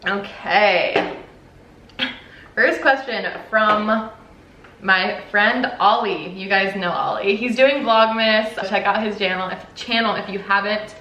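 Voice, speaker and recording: A woman's voice: mid-range voice, takes it slowly, bright, forceful tone. A young woman YouTuber chatting casually while she eats on camera for a mukbang, swearing now and then. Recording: roomy echo, faint background noise.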